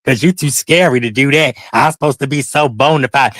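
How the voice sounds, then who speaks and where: A man's voice: mid-range voice, a little fast, a bit bright, dry recording. A man streaming commentary, who rants at someone and taunts them with profanity. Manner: profane, taunting, confrontational ranting. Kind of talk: livestream commentary.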